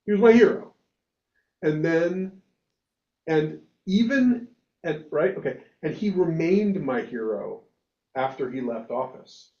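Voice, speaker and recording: A rabbi leads a casual group discussion, his voice a little high and quick to rise in emphatic bursts. He restarts his sentences often as he works through a thought. The recording is dull and lo-fi, with a roomy echo around him. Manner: animated, emphatic, many restarts. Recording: echoey room, dull lo-fi sound.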